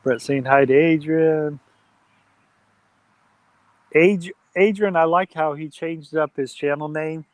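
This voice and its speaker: A man's voice: on the high side, slow pace, long pauses, dry recording. Chatty man, dry close sound. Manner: chatty, reads chat aloud, friendly shout-outs. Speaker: live-stream host. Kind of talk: casual live-stream chat. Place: outdoors at a campfire.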